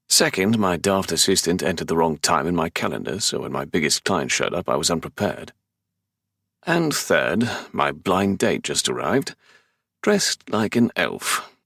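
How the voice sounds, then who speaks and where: Very deep gravelly English man narrating. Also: sing-song, moderate pace, fairly bright tone, no room sound. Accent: English, London. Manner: dry, sardonic, exasperated. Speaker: audiobook narrator. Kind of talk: first-person audiobook narration. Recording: dry close studio sound.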